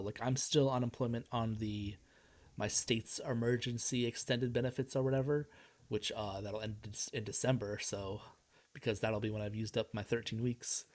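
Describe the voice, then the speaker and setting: A man's voice: mid-range voice, darkish tone. A stressed young man rambling and laughing in casual live-stream chat.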